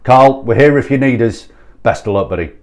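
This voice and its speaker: A man's voice: mid-range voice, animated, fairly quick. Man, sales trainer, blunt, exasperated, sweary to-camera rant. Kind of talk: ranting direct-to-camera address.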